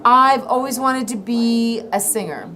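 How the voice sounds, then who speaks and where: A woman singer as a talk show guest, telling stories in an animated, laughing way. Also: a little high, unhurried. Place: pub. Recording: live bar crowd behind.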